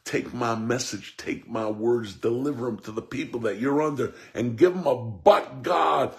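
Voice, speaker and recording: A male preacher with a gravelly, creaky voice delivers a fervent sermon. He swings from shouted peaks to near-whispers, repeats his refrain and calls out to listeners by name. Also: fairly low pitch, moderate pace. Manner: fervent, swings between shouting and hushed tones. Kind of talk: impassioned sermon.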